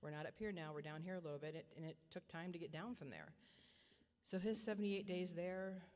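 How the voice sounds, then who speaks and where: A middle-aged woman giving a personal testimony as a parent, earnest and repetitive, often halting and restarting her sentences. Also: fairly low pitch, darkish tone. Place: church hall. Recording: long church hall reverb.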